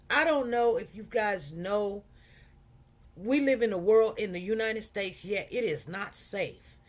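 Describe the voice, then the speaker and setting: Chicago lady rambling on her live stream, kinda high voice, keeps saying you guys. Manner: chatty, repeats herself, addresses viewers directly. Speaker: livestream host. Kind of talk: casual livestream chat.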